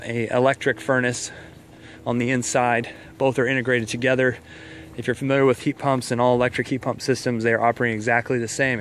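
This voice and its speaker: A heating contractor gives a casual walkthrough of a home install, moving indoors and outdoors around a house. He's chatty and a little out of breath, explaining as he walks with many fillers. His voice is medium-pitched and fairly bright, with slight background noise.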